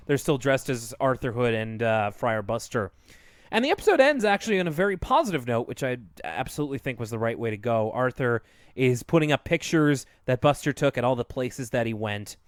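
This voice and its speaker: A man's voice: mid-range voice, very animated, brisk, dry recording, clean studio sound. A man co-hosting a podcast, talking casually about a cartoon episode and laughing often. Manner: chatty, laughs often, jokey. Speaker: podcast co-host. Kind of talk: casual chat.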